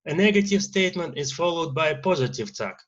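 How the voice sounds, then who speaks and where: A man with a Russian accent teaching an English grammar lesson, pausing often with "uh" fillers. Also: a little high, lively intonation, fairly bright tone, lo-fi sound. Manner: lecturing with many uh fillers and pauses.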